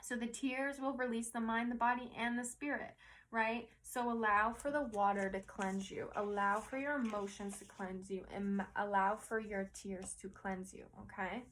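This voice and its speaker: A woman talks to her viewers about energy and emotions in a loose, earnest way. Her voice sits a bit high, and she keeps checking in with a quick "right?" as she goes. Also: fairly even intonation, a bit bright, a little hiss or hum. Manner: rambling, earnest, says "right?" often, swears casually. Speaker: spiritual teacher and intuitive reader. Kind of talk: casual spiritual talk to viewers.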